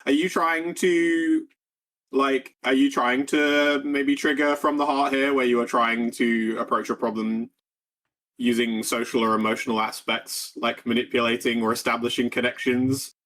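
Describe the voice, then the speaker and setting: A man's voice: mid-range voice, little pitch movement, normal speed, a bit bright. A man running a tabletop game as game master, rambling and laid-back with many fillers.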